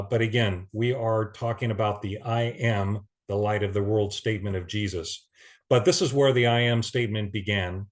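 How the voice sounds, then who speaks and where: A man giving an earnest Bible teaching, reading scripture aloud with pauses and restarts. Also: lowish voice.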